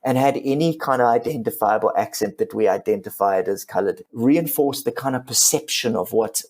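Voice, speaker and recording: A man's voice: medium pitch, fairly quick, a little mellow. A middle-aged comedian and ventriloquist, talking candidly and reflectively as a podcast guest, often restarting his sentences.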